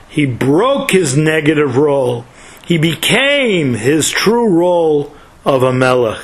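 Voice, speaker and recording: A man giving a slow, measured Torah lecture that rises in emphasis. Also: a little high, poor audio. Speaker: Torah teacher.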